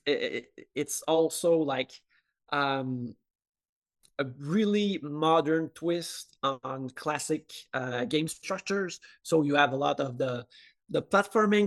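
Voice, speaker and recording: A man with a French Canadian accent answering interview questions, hesitant, with many filler sounds and restarts. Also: on the high side. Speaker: game studio representative. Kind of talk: video call interview answers.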